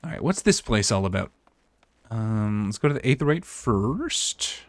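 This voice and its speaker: A man's voice: fairly low pitch, unhurried, no echo. Chatty man streaming a game. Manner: relaxed, chatty, thinking aloud. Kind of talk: casual gameplay commentary.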